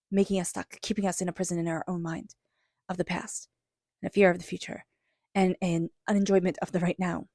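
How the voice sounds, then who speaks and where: A woman giving a spiritual tarot reading in a soft, flowing voice with repeated affirmations. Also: fairly low pitch, gravelly, no room sound, studio quality. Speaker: tarot reader.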